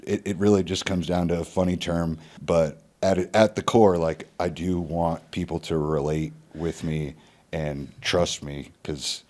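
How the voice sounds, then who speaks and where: Man, 30s, very low voice, podcast guest, rambling, stumbles and restarts. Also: fairly even intonation, a little slow, a little mellow. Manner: loose, rambling with repeated restarts and profanity. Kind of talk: casual podcast conversation.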